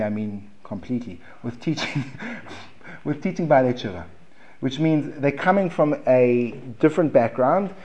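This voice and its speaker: In a basement classroom, a man with a South African accent and a mid-range voice teaches a Talmud class, captured on a muffled recording. His informal lecture is relaxed and conversational; he repeats words, restarts phrases, and asks the room questions to check in with students.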